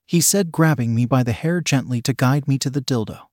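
A man's voice: mid-range voice, brisk, darkish tone, no room sound, clean studio sound. Man reading an erotic story. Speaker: narrator.

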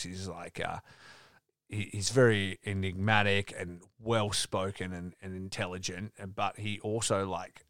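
Guy with a lowish voice chatting about wrestling, lots of likes and ums, dry close mic. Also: a bit bright, smooth, no echo. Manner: rambling, filler-heavy storytelling. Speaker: podcast host. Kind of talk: casual chat.

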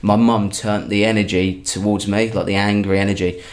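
A man's voice: on the low side, level tone, normal speed. A young man, a comedian, casually telling a long anecdote with frequent restarts and self-corrections. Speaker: comedian guest. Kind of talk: casual storytelling.

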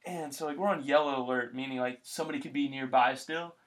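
A man's voice: medium pitch, fast. A young man, hosting a casual chat and telling stories with lots of acted-out quotes. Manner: animated storyteller, acts out quotes.

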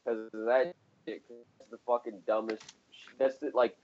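A man's voice: mid-range voice, flat delivery, moderate pace, lo-fi sound. A man co-hosting a casual podcast chat, profane and ranting, laughing often. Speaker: podcast co-host.

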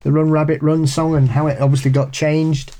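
A man's voice: on the high side, flat delivery, fairly quick, warm tone. A man hosting a podcast, chatting casually and enthusiastically. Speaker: podcast host. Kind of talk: casual chat.

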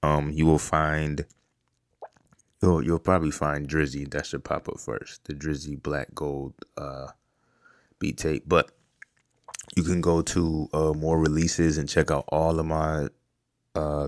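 A man's voice: a bass voice, little pitch movement, slow pace, dry recording, clean studio sound. A man from Rochester, New York, hosting a casual podcast in a laid-back, loose way with fillers and asides. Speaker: podcast host and beat producer. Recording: loud beat music playing under the voice.

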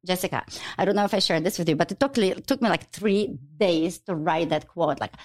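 A woman, a guest on a podcast, telling a story quickly and expressively and acting out the dialogue. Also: on the low side. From Ukraine. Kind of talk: animated storytelling.

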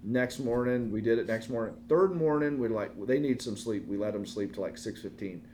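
Casual male co-host, thirties, lively storyteller, slight noise floor. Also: fairly low pitch, fairly quick. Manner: animated storyteller, quoting family in lively voices.

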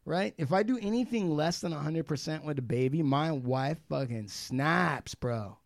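A man's voice: a little high, lively intonation, moderate pace, gravelly, dry recording. A man co-hosting a podcast in casual, joking banter, with a playful, mock-dramatic manner. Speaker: podcast co-host.

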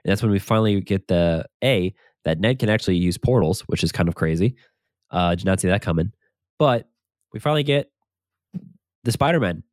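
A young man co-hosting a podcast, discussing a movie in relaxed, enthusiastic casual talk. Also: low voice, fairly quick, dry recording, studio quality. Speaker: podcast co-host.

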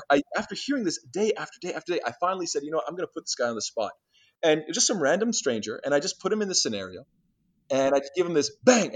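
A man being interviewed, telling stories in a lively way and acting out conversations, with many restarts and fillers. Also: a little high, husky. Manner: animated storyteller who acts out exchanges, many restarts and fillers. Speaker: interview guest. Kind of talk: casual storytelling interview.

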